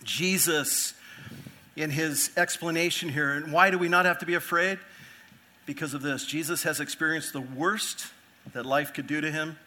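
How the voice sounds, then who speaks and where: A man's voice: fairly high pitch, steady tone, normal speed, bright, forceful tone. A man preaching an earnest expository sermon as pastor, asking rhetorical questions and repeating phrases for emphasis.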